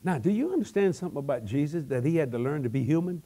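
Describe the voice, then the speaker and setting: Older preacher guy, kinda high voice, all over the place, shouting and laughing as he goes. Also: fast talker. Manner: animated, shouting bursts, laughing asides, folksy grammar. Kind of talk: lively comic sermon. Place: large church hall.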